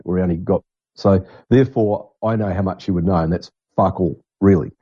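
A man's voice: deep voice, a little fast, dark tone, husky, dry recording. A middle-aged man hosting a podcast, talking in a blunt, rambling monologue and swearing freely. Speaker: podcast host. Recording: dull lo-fi dry recording.

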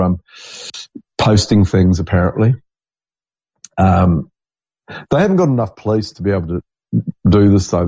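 Middle-aged man, lowish mellow voice, rambling blunt monologue, dry close sound. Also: no room sound. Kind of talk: casual monologue.

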